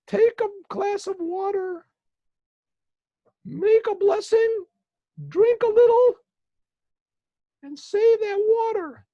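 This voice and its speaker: A man voicing a little boy who pretends to be an angel, speaking in slow, grand pronouncements over dull lo-fi call audio. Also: very high-pitched, no room sound, pitched above the performer's own voice, exaggerated voice.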